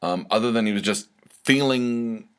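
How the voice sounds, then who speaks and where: A man's voice: fairly low pitch, moderate pace, fairly bright tone, smooth. A man hosting his own podcast, telling a personal story in a rambling, candid monologue full of restarts and asides. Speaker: podcast host.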